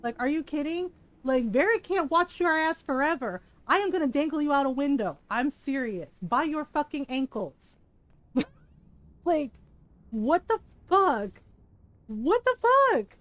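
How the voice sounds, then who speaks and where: A woman's voice: high-pitched, lively intonation, normal speed. A woman streamer giving casual, profane, mock-outraged commentary while playing a video game.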